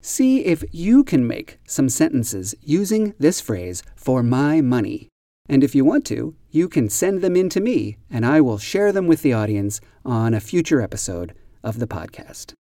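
A man hosting an English-learning podcast, explaining a phrase slowly and carefully, spelling out words and stressing them deliberately. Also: medium pitch, sing-song, mellow, dry recording, clean studio sound. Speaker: podcast host and English teacher. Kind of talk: slow, careful teaching explanation.

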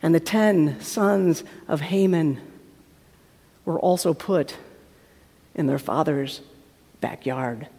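A woman preacher retelling a story in a lively sermon, acting out the characters and dropping to a hush at tense moments. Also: low-pitched, slow pace, pauses often, breathy edge. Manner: acts out the characters with shifting voices, drops to hushed tones. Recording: hall reverb from a live talk.

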